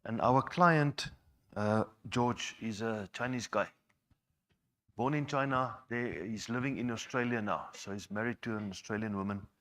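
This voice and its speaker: A man's voice: on the low side, measured pace, a bit bright. Man telling a testimony. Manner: conversational storyteller, repeats words as he goes. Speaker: church member giving a testimony. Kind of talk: personal testimony told to a congregation.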